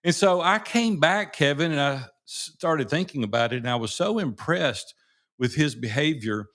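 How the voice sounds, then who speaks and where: Middle-aged man, podcast co-host, lively storyteller, laughs easily, casual, home office. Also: on the high side, moderate pace. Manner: animated anecdote telling, laughs easily.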